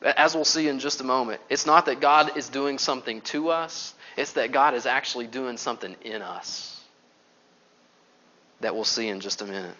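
Preacher man, bright forceful voice, animated storytelling, dull lo-fi recording. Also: mid-range voice, normal speed. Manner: animated storytelling, swings from loud to hushed. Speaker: pastor. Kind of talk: sermon.

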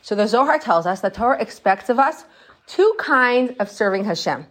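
A woman's voice: a little high, lively intonation, normal speed. Woman teaching a Torah class. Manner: warm storytelling with acted voices and laughter. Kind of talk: religious class lecture.

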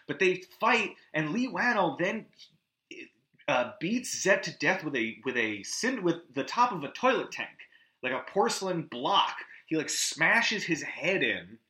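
Brief: male podcast host, lively pitch, bright tone, echoey room, casual recap. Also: normal speed. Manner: animated, swearing, acts out scenes with yelps and hummed music.

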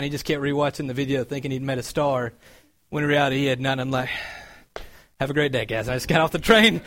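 A man preaching a sermon in a conversational, storytelling way, growing animated as he recounts events. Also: on the high side.

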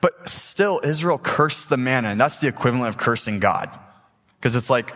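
A man's voice: on the high side, fairly quick. Eighteen-year-old man preaching in a reverberant hall. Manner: casual, animated storytelling, acting out voices. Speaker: youth preacher. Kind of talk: sermon. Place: church sanctuary.

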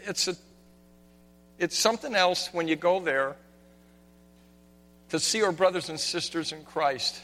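Brief: male pastor, sermon from a stage, fairly high voice, passionate, long reverb with faint hum behind. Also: unhurried, pauses often. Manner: impassioned, swings from hushed to shouting. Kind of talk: sermon with slides.

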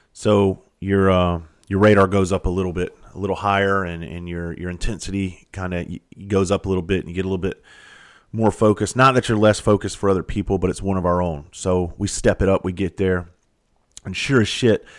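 A middle-aged man with a somewhat low voice tells a story in a loose, casual monologue. He is blunt and profane. He talks like a firefighter sharing war stories. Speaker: firefighter and podcast host.

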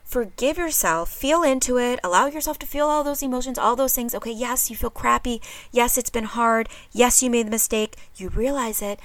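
A woman's voice: a little high, normal speed, hardly any pauses, dry recording. Earnest encouraging woman podcaster, dry sound. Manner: earnest, encouraging, addresses listeners directly; casual with frequent fillers. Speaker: podcast host. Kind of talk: self-help podcast talk.

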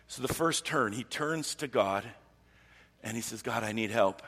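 A man's voice: mid-range voice, a little slow, a bit bright, slightly rough. A man preaching a sermon as pastor, earnest, with frequent restarts, acting out prayers with rising energy. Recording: long hall reverb.

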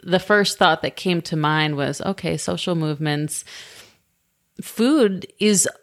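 Woman host asking questions, fairly low voice, keen and chatty. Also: slow pace. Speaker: interviewer. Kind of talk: interview questions.

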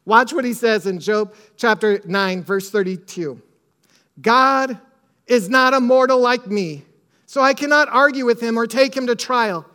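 A male pastor preaching a sermon with emphatic repetition, quoting scripture and telling a family story, sometimes dropping almost to a hush. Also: extremely high pitch, measured pace.

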